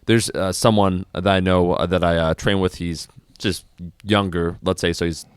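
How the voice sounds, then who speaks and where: A man with a low voice talks as a podcast guest, lively and loose, swearing casually and slipping into quick acted-out lines. His voice is recorded dry and close. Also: clear, resonant tone, dry recording. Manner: animated, swears freely, acts out little quotes.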